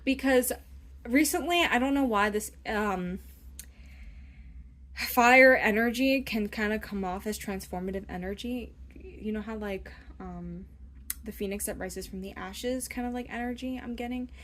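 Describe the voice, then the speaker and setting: A woman's voice: mid-range voice, a little slow, fairly bright tone, slight background noise. Chatty woman giving a tarot reading. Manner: chatty, rambling, often asks "okay?"; acts out imagined inner voices. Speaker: tarot reader. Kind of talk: casual tarot reading monologue.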